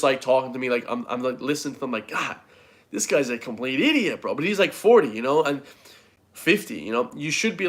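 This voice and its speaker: A man's voice: mid-range voice, a bit bright. A man gives a casual motivational rant to his viewers. He is blunt and swears freely, and he keeps throwing in "guys" and "bro" as he talks. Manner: blunt, swears a lot, says "guys" constantly. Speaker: fitness vlogger.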